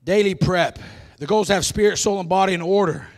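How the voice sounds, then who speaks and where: Pastor guy, real high voice, folksy preaching that keeps breaking into shouts. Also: brisk. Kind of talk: sermon.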